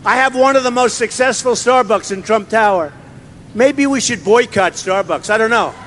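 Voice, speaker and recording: A sassy, campy politician. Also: male voice, moderate pace, a bit bright, slight background noise. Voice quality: high, flouncy, sing-song delivery. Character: sassy, campy male politician giving a speech. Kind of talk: parody voiceover of a real speech.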